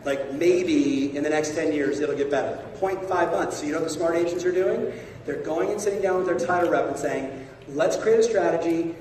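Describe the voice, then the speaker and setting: Man, sales coach on stage, raised voice, punchy and coaxing, caught from far back in a booming hall. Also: a little hiss or hum. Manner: energetic, rapid, coaxing the audience. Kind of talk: motivational seminar talk. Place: large conference hall. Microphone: far from a phone camera in the audience. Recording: echoey hall recorded from far off.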